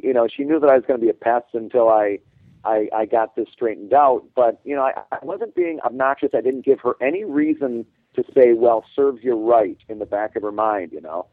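A man chats on a podcast, telling a long story in a halting way, restarting and repeating words as he goes. His voice comes through thin and tinny, like a phone line, and sounds dry, with no room around it. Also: medium pitch, dry recording. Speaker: podcast co-host. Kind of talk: casual podcast chat.

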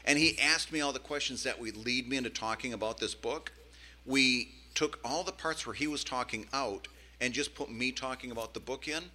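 A man co-hosting a podcast in casual chat, telling stories in an animated, self-deprecating way with many restarts. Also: mid-range voice, moderate pace. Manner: animated, self-deprecating, repeats words while storytelling. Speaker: podcast co-host.

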